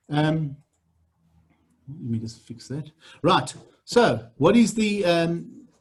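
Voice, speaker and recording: A man's voice: fairly high pitch, a little mellow, husky. A man running a sales training on a video call, blunt and repetitive. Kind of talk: online training session.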